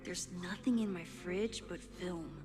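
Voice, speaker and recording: An actress voicing Max, a quiet and thoughtful young woman photographer in a game, talking softly in inner monologue, often close to a whisper. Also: fairly low pitch, a little slow, close to an everyday voice. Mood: reflective. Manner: soft, introspective, often near a whisper. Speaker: game character. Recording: game audio with long reverb and music. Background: game music.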